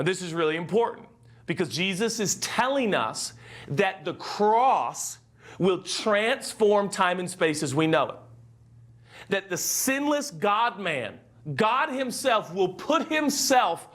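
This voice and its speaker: Emotional pastor with a high voice. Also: male voice. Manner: emotional, dramatic, acts out quoted voices; swings from hushed to loud. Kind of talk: sermon.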